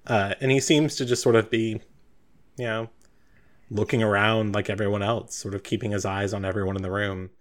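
Male game master, low voice, casual, halting narration. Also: flat delivery. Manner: casual, self-deprecating, halting with fillers.

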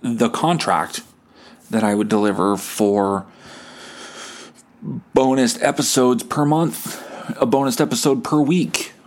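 A man's voice: mid-range voice, slow pace, pauses often. A young man from Canada hosting a solo podcast, talking in a profane, sarcastic, rambling way. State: hungover. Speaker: podcast host. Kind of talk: casual solo rant.

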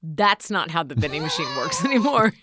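A woman's voice: low-pitched, big pitch swings, a little fast, a bit bright. A woman co-hosting a casual chat, telling a story in a chatty, self-mocking way. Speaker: podcast co-host.

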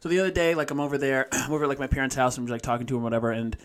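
A man chatting casually and telling an animated family story, often swearing. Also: mid-range voice, very fast, clean tone. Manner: animated storyteller, mimics his dad. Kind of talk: casual chat.

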